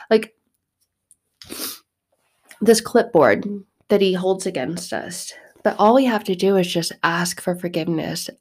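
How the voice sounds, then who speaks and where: A woman hosting a podcast, giving earnest, animated devotional teaching in a conversational way. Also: lowish voice, gravelly. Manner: earnest and animated, with quick asides. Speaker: podcast host.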